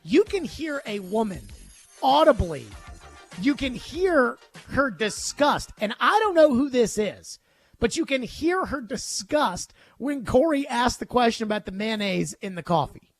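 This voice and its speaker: A man's voice: extremely high pitch, big pitch swings, measured pace, soft background music. A man hosting a sports talk radio show, ranting emphatically with jokes.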